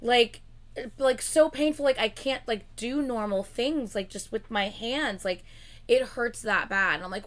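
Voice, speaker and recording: A woman's voice: on the high side, a little slow. A young woman co-hosting a livestream, chatting casually and rambling with lots of filler words. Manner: rambling, lots of "like" fillers, laughs between lines. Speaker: livestream co-host.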